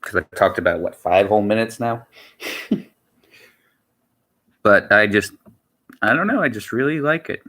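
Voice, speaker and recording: A man's voice: on the low side, very animated, moderate pace, pauses often, pushed and bright. A man chatting casually on his livestream, rambling and repeating himself with lots of filler words. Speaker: streamer.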